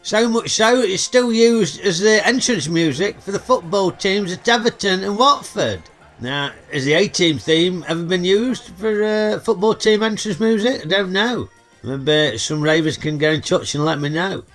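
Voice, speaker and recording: A man's voice: sits high, moderate pace, fairly bright tone, soft background music. A middle-aged man with a Yorkshire accent, hosting a chatty, cheeky comedic film review full of dialect banter. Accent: Northern English, Yorkshire.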